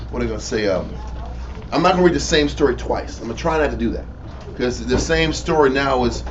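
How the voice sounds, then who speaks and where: Emphatic man teaching scripture, keeps saying right?, muffled recording w/ faint noise. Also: mid-range voice. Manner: emphatic, repeats "Right?" and "Read on". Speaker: teacher leading a scripture reading. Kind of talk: animated bible study teaching. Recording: dull lo-fi audio with faint noise.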